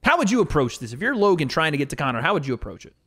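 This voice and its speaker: A man co-hosts a podcast, talking casually and at length as he reacts to video clips. His voice is fairly high and very fast, and he's animated and chatty, swearing casually now and then.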